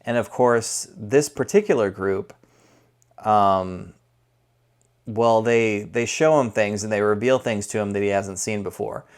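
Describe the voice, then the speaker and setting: Low-voiced man casually reviewing a film. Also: a little slow, clean tone. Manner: conversational, rambling with self-corrections. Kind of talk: casual spoken movie review.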